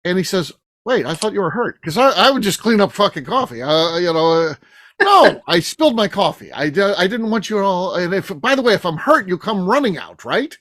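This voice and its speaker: A man hosting a casual roundtable podcast, telling animated stories and swearing freely. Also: high voice, a little fast, no room sound. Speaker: podcast host.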